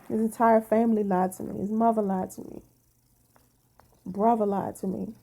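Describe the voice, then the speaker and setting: A woman's voice: a little high, fairly even intonation, moderate pace, dark tone, slightly rough. A woman vlogger venting to her viewers in casual talk, blunt and emphatic, swearing freely, sounding tired.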